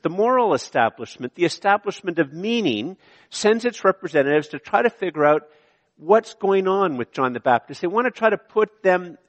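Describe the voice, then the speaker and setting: A man's voice: fairly high pitch, long reverb tail. A male pastor delivering a sermon in a conversational way, with repeated phrases and asides to the congregation. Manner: conversational preaching with repetitions and asides. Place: church.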